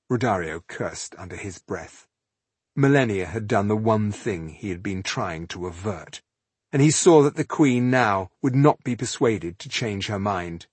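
Husky male audiobook narrator. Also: lowish voice, lively intonation, normal speed, dry recording. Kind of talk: scripted narration.

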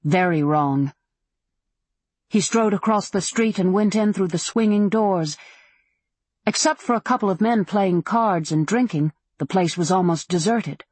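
A woman narrating a novel in a steady, measured reading. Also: mid-range voice, husky, dry recording. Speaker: audiobook narrator. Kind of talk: scripted narration.

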